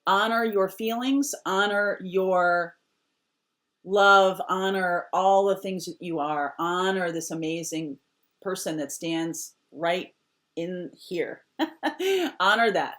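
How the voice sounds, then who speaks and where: A woman's voice: on the low side, slow, fairly bright tone. A woman giving a casual tarot reading to camera, emphatic and repeating short firm phrases, sometimes dropping almost to a whisper. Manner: drops to a near whisper at times. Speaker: tarot reader.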